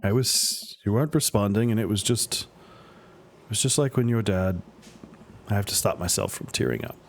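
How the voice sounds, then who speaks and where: A man with a fairly low voice and some vocal fry reads through a story game at a moderate pace for a let's play, taking on the dad's role and slipping in joking asides between the scripted lines.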